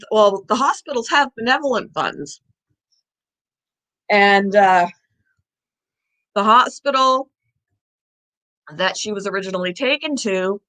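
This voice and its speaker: A woman's voice: medium pitch, pushed and bright, rough recording. A woman vlogger chatting casually to the camera, telling a long story in a rambling way and sometimes out of breath. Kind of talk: casual chat.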